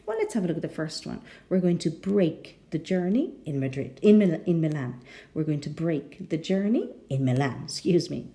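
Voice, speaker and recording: A woman with a deep, warm voice and a rhotic English accent teaches a pronunciation lesson. She is patient and checks in with the learners often.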